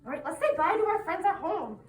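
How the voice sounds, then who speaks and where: A woman preschool teacher reading a picture book to young children, her voice high and very expressive. She talks in an animated way with lots of questions. The sound is distant and echoey with faint noise. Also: fast talker. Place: classroom.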